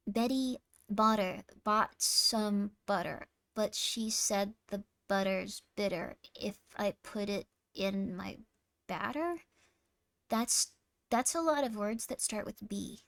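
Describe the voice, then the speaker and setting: A woman's voice: on the high side, a little slow, no room sound. A woman streamer in playful, casual chat with her viewers, teasing and reading messages.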